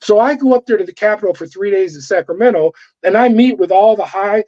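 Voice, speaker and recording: A middle-aged man, a former corrections officer, telling his story in an interview with animated, profane delivery and acted-out dialogue. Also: sits high, quick pace. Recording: dull lo-fi audio.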